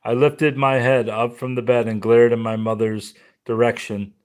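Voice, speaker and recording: A man narrating a memoir audiobook in a somber, measured way. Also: mid-range voice, little pitch movement.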